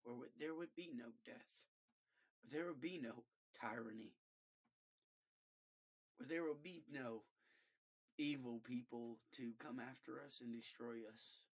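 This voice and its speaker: A man speaks with heavy emotion, his voice mid-pitched and catching now and then. He talks earnestly in short halting phrases, often starting over and repeating himself as he presses his point. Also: slightly rough. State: emotional, voice breaking at times. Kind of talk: emotional personal monologue.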